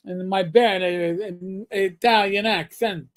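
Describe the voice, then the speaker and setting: A man's voice: high-pitched, measured pace, a little mellow. A middle-aged man co-hosting a casual gaming livestream, reading quotes aloud with wry asides. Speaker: podcast co-host.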